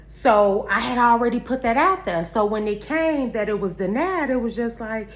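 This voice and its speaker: A woman's voice: a little high, moderate pace, few pauses. A woman talking candidly to her viewers about faith and positivity, emphatic and repeating her phrases like a preacher. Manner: candid, addresses viewers directly as y'all. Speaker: vlogger. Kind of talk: heartfelt faith-based motivational talk.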